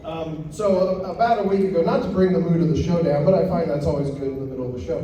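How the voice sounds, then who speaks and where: A man doing stand-up in a comedy club, telling stories deadpan with quick acted quotes. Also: fairly high pitch, a little hiss or hum. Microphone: handheld stage mic. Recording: echoey club from far off, crowd. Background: audience laughing.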